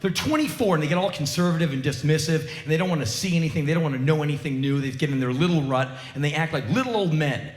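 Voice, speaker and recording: Intense American man ranting live on stage. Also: a little high. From United States. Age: 40s. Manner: intense profane rapid-fire rant. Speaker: spoken word performer. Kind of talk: live spoken word monologue. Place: large theater stage, live audience. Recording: roomy live theater recording.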